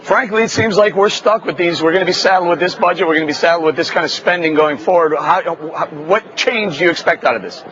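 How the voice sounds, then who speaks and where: A man's voice: sits high, fast, few pauses, a bit bright, lo-fi sound. A man co-hosting a cable news chat and asking a guest probing, doubtful questions. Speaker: TV co-host.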